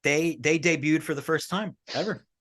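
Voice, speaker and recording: A man's voice: fairly high pitch, normal speed, fairly bright tone. Man co-hosting a casual podcast. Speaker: podcast co-host.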